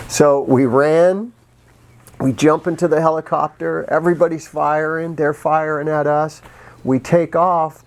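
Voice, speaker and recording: Middle-aged male actor, casual anecdote teller, restarts a lot, bursts into sound effects. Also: fairly high pitch. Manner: animated, acts out sounds with vocal effects; frequent restarts and pauses, laughs while telling. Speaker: actor telling behind-the-scenes stories.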